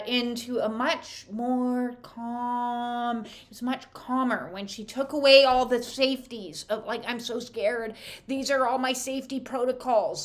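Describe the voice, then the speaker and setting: A woman with a fairly high voice reads oracle cards for her viewers. She talks casually, filling gaps with "uh". She slips into dramatic voices to act out what people say. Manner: animated, acts out quotes with dramatic voices; conversational with frequent filler uh. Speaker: oracle card reader. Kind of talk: spiritual card reading to camera.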